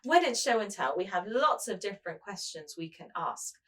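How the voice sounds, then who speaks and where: Animated woman teacher talking to toddlers. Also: mid-range voice. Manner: slow, sing-song and animated, speaking to small children. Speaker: preschool teacher. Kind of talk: show-and-tell lesson for toddlers.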